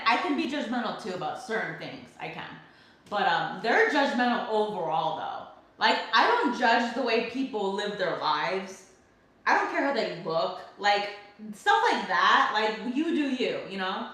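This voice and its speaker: Young woman host, from California, lively swearing rants to chat; very echoey room. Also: medium pitch. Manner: ranting, animated, swears freely. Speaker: livestream host. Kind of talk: casual livestream chat reading comments. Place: home kitchen.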